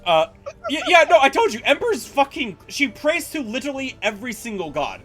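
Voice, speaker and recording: A man streaming a game live, talking excitedly and stammering as he chats with viewers. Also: extremely high pitch, fairly quick, soft background music. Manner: excitable, stammering, swears casually.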